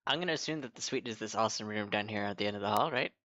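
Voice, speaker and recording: A man's voice: lowish voice, racing, a bit bright. A man playing in a tabletop game, speaking in a practical, matter-of-fact way. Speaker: player. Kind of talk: casual tabletop play. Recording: dull lo-fi mic.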